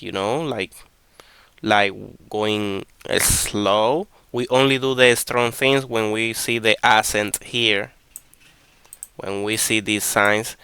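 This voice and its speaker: A man gives a beginner language lesson in a low, bright, very clear voice. He talks slowly and patiently, repeating each point and checking in with his listeners. The sound is dry and close. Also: dry recording. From Dominican Republic. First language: Spanish. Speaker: Spanish teacher.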